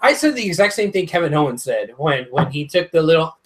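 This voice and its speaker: A man's voice: fairly high pitch, a little fast. A man co-hosting a casual wrestling talk show, ranting with lots of swearing. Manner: animated, ranting, swears a lot. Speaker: podcast co-host.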